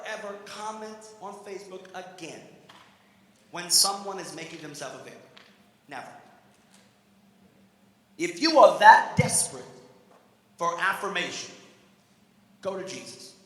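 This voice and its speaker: A man preaching a sermon as pastor, animated, swinging from shouts to hushed asides. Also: sits high. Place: church sanctuary. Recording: echoey church hall.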